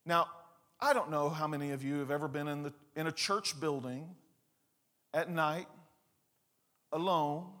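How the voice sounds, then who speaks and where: Animated high-voiced preacher man. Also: measured pace, pauses often. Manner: animated storyteller, acts out scenes and quotes. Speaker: pastor. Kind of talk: sermon with storytelling.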